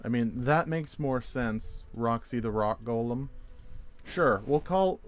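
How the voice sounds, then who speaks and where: A man's voice: medium pitch, a little slow, soft background music. A man streaming a game, chatting casually and rambling as he reacts to viewers' messages with playful jokes. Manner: jokey, playful wordplay. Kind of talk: casual gameplay chat.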